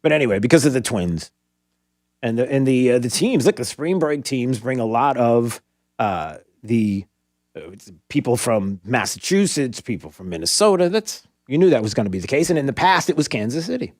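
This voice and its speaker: A male radio host rambling through a casual monologue, full of ums and restarts. His voice sits at an ordinary middle pitch and comes through dry and close on a studio mic, with no room sound around it. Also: expressive, moderate pace, darkish tone, dry recording. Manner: rambling, many fillers and restarts. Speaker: radio talk show host.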